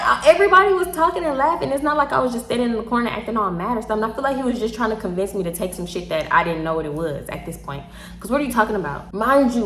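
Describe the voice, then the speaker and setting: Houston girl kinda drunk telling a story, laughing and cussing, voice a bit high, roomy echo. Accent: Southern US, Houston. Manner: animated, laughs often, swears freely, acts out quotes. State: tipsy. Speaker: storytime vlogger. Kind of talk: casual storytelling. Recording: echoey room.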